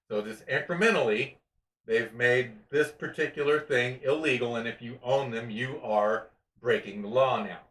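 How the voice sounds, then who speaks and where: A man's voice: mid-range voice, fairly bright tone. A man co-hosting a live-streamed podcast, rambling and mocking himself as he chats. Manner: rambling, joking, self-mocking. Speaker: podcast co-host. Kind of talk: casual chat. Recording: echoey room, mic far off.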